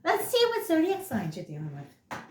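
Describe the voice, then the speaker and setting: A woman's voice: extremely high pitch, huge pitch swings, normal speed, slight background noise. A woman giving a casual tarot reading, talking bluntly and with a lot of swearing as she rambles. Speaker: tarot reader. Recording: echoey room.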